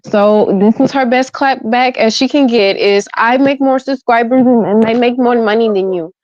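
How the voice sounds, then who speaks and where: A woman's voice: a little high, normal speed, darkish tone, no room sound. A woman co-hosting a podcast, talking in slangy, profane, casual banter with a laugh often close by. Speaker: podcast co-host. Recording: dull dry lo-fi mic.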